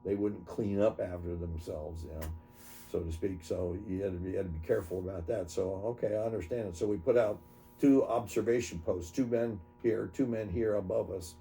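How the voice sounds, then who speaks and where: A man in his seventies, an army veteran, recounting his memories in an oral history interview, halting and correcting himself as he goes. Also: fairly low pitch, dark tone, faint music behind. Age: 70s. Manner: halting, self-correcting storytelling.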